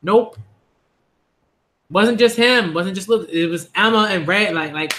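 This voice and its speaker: A man giving a live reaction while reading a manga chapter, excitable and quick to repeat himself and laugh. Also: high voice, slight background noise. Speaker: manga reviewer.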